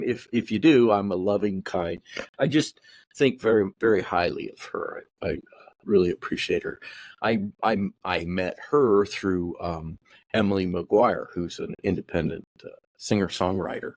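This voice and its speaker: American guy hosting a podcast, low voice, lots of restarts, kinda emotional, dry sound. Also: no echo. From USA. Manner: warm, emotional, halting with many restarts. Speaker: podcast host. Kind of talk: casual interview chat. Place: home in California.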